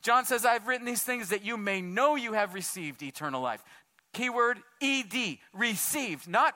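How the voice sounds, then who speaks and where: High, bright-voiced male pastor preaching. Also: lively intonation, a little slow. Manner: casual, earnest preaching, says "man" often. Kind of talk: sermon.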